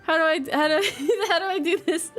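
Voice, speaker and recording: A woman's voice: very high voice, steady tone, a little fast, fairly bright tone, faint music behind. A woman with an American accent streaming casual chat, giggly and self-mocking as she reads chat aloud. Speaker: livestreamer.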